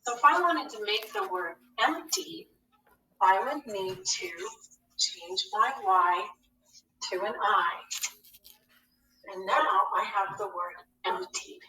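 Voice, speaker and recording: Woman teacher, phonics lesson, slow and patient, bright voice, echoey room away from the mic. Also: mid-range voice, far from the mic, a little hiss or hum. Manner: slow, patient, asks questions and answers them.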